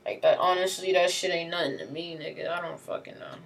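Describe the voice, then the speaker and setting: A woman with a lowish, creaky voice speaks fairly quickly in a furious, profane rant, using slang and repeating herself as she vents. She's recorded from a distance, with slight background noise.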